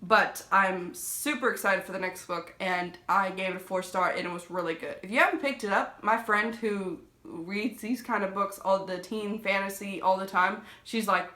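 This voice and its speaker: A bright, forward woman rambles excitedly through a casual book review vlog, full of fillers and restarts. Her voice rings around an echoey room. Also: medium pitch, moderate pace, hardly any pauses. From United States. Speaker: book vlogger.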